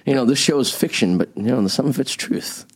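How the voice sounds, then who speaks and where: Fast-talking Boston man, rambling banter. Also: medium pitch, expressive, slightly rough. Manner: rambling, crude, joking. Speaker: radio show host. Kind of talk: casual radio banter.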